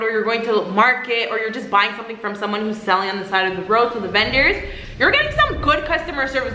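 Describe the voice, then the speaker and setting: A young woman talking in a casual vlog, animated and exasperated, with laughing asides. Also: fairly high pitch, a little hiss or hum. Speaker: vlogger. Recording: echoey room.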